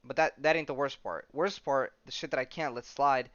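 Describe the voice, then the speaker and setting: A man's voice: mid-range voice, normal speed, a bit bright, no room sound, highs cut off, lightly acted. A man voicing a menacing male crime boss from a video game, speaking in blunt, accusing street talk. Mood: indignant.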